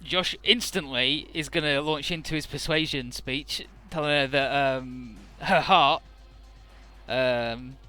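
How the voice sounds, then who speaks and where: A man's voice: mid-range voice, slow pace, pushed and bright, soft background music. A man casually recapping a game story as a let's play host, irreverent, swearing, with many fillers.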